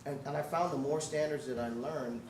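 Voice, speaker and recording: Brisk and on the high side, this man is a guest musician spinning stories for a live Q&A audience inside a music shop event space, scatting tunes and performing people's quotes with animation. The sound is distant and roomy, with live-room noise.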